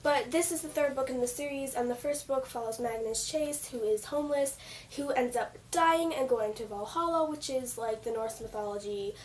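Woman book reviewer, higher voice, croaky from losing it, rambling fan energy, mic a bit distant with faint hiss. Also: normal speed. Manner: gushing, rambling with "like" and "so". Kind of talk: casual book talk.

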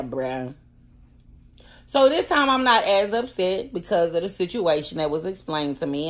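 A woman, a pastor, telling a personal story in a casual vlog, animated and slangy, laughing often and talking straight to her viewers. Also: fairly low pitch. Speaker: pastor and prison wife.

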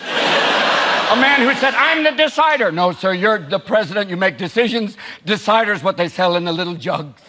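A man in his fifties performing stand-up comedy in a manic, shouting style, jumping into quick impressions. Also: sits high, animated. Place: theater with live audience. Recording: live show with loud audience and noise.

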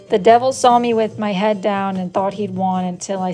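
A woman's voice: mid-range voice, moderate pace, few pauses, dark tone, faint music behind. A woman hosting a casual live stream, reading viewer messages aloud in a dry, sarcastic, mock-scolding way. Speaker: wood-burning artist hosting a live stream.

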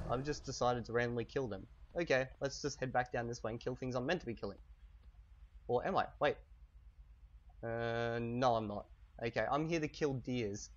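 A man giving a casual language lesson while playing a video game, saying example phrases slowly and making quick offhand asides. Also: medium pitch, lo-fi sound. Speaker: language teacher and gamer. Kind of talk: casual lesson over gameplay.

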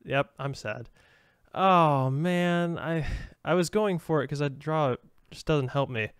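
A young man giving jokey, excitable commentary on his own football video game match, shouting at his players. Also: a little high, unhurried. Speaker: gaming YouTuber. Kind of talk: casual gameplay commentary.

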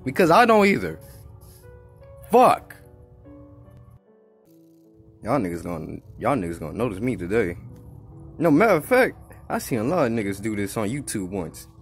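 A man giving casual let's-play commentary, profane and excitable, trash-talking as he plays. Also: on the low side, moderate pace, pauses often, breathy edge. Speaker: gaming YouTuber. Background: game music.

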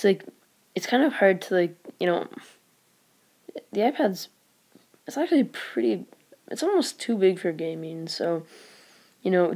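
A woman with a medium-pitched voice hosts a channel and commentates on gameplay live. She comes across as excitable and rambling, with frequent exclamations and some whispered asides.

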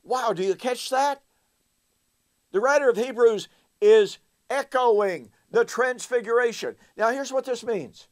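Slow, emphatic high-voiced male Bible teacher. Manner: emphatic, asks rhetorical questions.

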